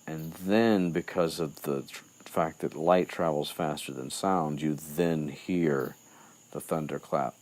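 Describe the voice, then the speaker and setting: A man's voice: rumbling low, fairly even intonation, slow pace, a little mellow. A man recapping a book chapter in loose, rambling chat, with lots of fillers and restarts. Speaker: podcast host.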